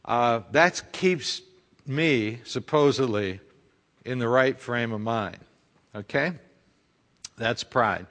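In a reverberant hall, a pastor delivers a sermon in a conversational style, tossing out rhetorical questions. His voice is medium in pitch and fairly bright, and he speaks slowly with frequent pauses.

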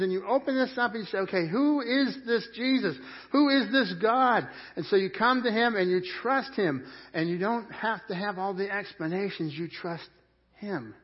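A man delivering a church sermon in a fairly high voice, rising to loud emphatic peaks and dropping to hushed, intense stretches. The recording is muffled and lo-fi. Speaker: pastor. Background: church congregation.

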